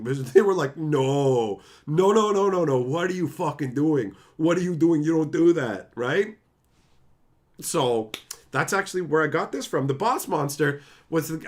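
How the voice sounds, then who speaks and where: A man from Canada chatting casually on a live stream, telling stories in an animated, profane way and laughing often. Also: on the high side.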